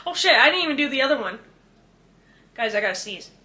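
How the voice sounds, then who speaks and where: A woman's voice: sits high, sing-song, quick pace, sharp tone. A young woman hosting a podcast, laughing often and swearing while she wraps up the episode. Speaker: podcast host. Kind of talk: casual chat.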